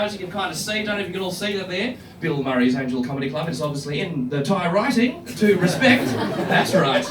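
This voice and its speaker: A young Australian man on a comedy club stage, his voice high for a man and swinging widely as he delivers crude, punchy lines. He laughs into his own jokes. The sound is roomy and picked up from some distance, with a club murmur behind. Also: background noise. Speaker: stand-up comedian. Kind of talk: live stand-up comedy set. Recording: roomy club, distant mic, crowd ambience.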